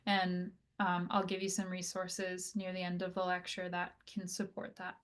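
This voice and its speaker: A woman occupational therapist giving an educational lecture on breathing, talking conversationally with frequent fillers like "right?" and "like", and slowing down to demonstrate calm breathing. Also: lowish voice.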